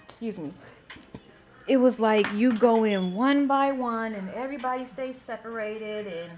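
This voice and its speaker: Woman in her 30s telling a story, casual and cussing, kinda high voice. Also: measured pace. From San Francisco Bay Area. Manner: chatty, blunt and profane, addresses viewers as y'all. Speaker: vlogger. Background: faint background music.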